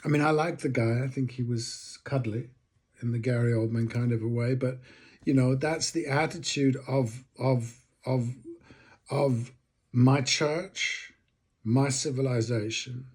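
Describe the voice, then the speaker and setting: Husky man musing aloud. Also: mid-range voice, steady tone, measured pace, a little mellow. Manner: rambling, thinking aloud with many restarts. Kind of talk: reflective monologue.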